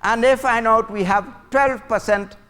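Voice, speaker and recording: A man's voice: extremely high pitch, steady tone, measured pace, bright, forceful tone, smooth. A man with a Trinidadian accent doing stand-up storytelling, chatty and teasing, laughing at his own jokes. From Trinidad and Tobago. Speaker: comedian. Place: school auditorium stage.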